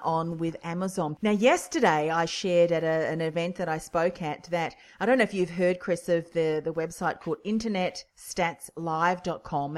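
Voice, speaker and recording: A woman hosting an interview, enthusiastically summing up the guest's story before asking questions. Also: fairly low pitch. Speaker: interview host.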